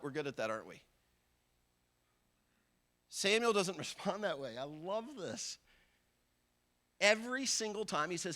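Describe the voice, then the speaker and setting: Male pastor with a high voice, conversational sermon that acts out people's inner thoughts. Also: very animated, normal speed, long pauses, sharp tone. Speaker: visiting pastor.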